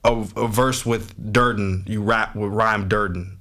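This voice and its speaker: A man hosting a podcast in casual chat, eager and swearing freely, with many quick agreeing replies. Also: lowish voice, fairly even intonation, pushed and bright.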